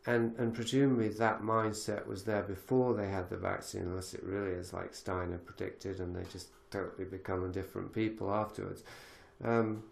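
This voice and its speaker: A man's voice: low voice, level tone, moderate pace, gravelly, hardly any pauses, reverberant. A man hosting a podcast conversation, reflective and thinking aloud with many fillers and restarts. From lives in Galicia. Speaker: podcast host.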